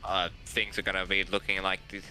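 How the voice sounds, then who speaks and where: A man's voice: low voice, completely flat delivery, brisk, over loud music. A man chatting casually while gaming with a friend, blunt and sardonic with plenty of swearing. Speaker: co-player.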